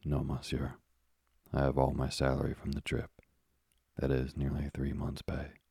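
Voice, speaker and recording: A man reading the part of an earnest young sailor who speaks politely and gravely. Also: very deep voice, monotone, moderate pace, warm tone, no echo, clean studio sound, heavily acted.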